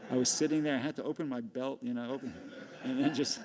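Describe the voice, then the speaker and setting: A man's voice: medium pitch, fairly even intonation, fast, a little mellow. An older man giving a class, telling a rambling personal story with laughs along the way. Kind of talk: storytelling talk. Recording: long hall reverb.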